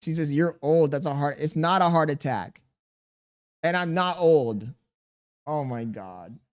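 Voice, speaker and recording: A man's voice: fairly high pitch, a little slow, clear, resonant tone. A man in his thirties, a streamer reading chat aloud and venting in an exasperated, defensive way with casual slang.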